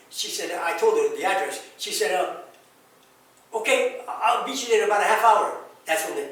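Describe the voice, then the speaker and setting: Older man telling his testimony animatedly. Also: a little high. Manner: animated storytelling, acts out dialogue with sound effects. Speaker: pastor giving testimony. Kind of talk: personal testimony storytelling. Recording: echoey room from far off.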